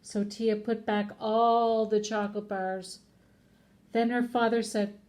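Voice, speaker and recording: A woman teacher with a fairly high voice reads a children's picture book at a slow pace. She acts out the characters in expressive voices and keeps asking her listeners questions.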